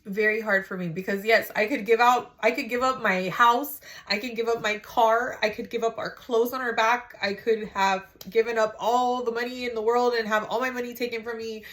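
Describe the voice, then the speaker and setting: A woman's voice: fairly high pitch, fairly even intonation, moderate pace, hardly any pauses, a bit bright. A mother sharing a casual faith testimony, rambling and frank, with lots of "like" and some swearing.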